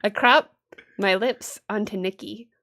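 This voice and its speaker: A woman's voice: mid-range voice, measured pace, fairly bright tone. A woman streaming a game with casual chat, playful, giggly and self-mocking.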